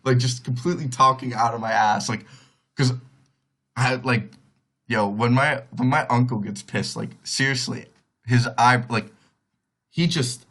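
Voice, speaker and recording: A man's voice: mid-range voice, moderate pace, fairly bright tone. A young man telling a long personal story on his podcast in a casual, rambling way, filling gaps with "like" and acting out what others said. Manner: rambling, heavy on "like", acts out others' voices. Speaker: podcast host.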